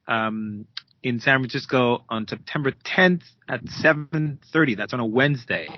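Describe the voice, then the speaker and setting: A man from Jamaica, a guest author, talking in a relaxed, friendly way during an interview over a call. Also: mid-range voice, moderate pace, no echo. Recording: dull, dry remote call audio.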